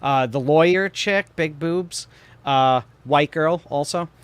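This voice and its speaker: A man's voice: on the high side, takes it slowly, smooth, no echo. A man co-hosting a podcast in casual chat, rambling and hesitant, often trailing off mid-thought. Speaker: podcast co-host.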